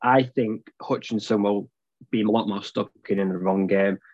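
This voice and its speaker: A low-voiced man states his views bluntly on a sports podcast, without hedging. His voice comes over a dull, lo-fi line and sounds close and dry. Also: steady tone, normal speed, dry recording. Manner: blunt, plain-spoken. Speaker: podcast co-host. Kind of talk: casual sports discussion.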